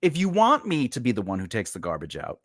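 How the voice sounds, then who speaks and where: A man who works as a comedian and actor chats casually, acting out both sides of household arguments like an animated storyteller. His voice is mid-range and his pace quick, captured in a dry, studio-quality recording.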